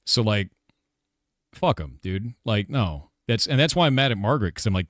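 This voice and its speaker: A man's voice: lowish voice, big pitch swings, normal speed, a bit bright, dry recording, studio quality. A game developer in his forties, chatting casually on a live stream, ranting and swearing with lots of "like" and "dude". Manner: ranting, profane, repeats "like" and "dude".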